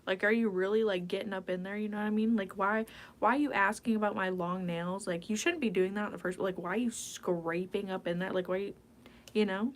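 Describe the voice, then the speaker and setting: A woman's voice: medium pitch, brisk. A woman hosting an ASMR livestream, chatting casually and playfully as she answers viewers' questions, often dropping into a whisper. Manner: casual rambling, drifting into whispered asides. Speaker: ASMR livestream host reading chat.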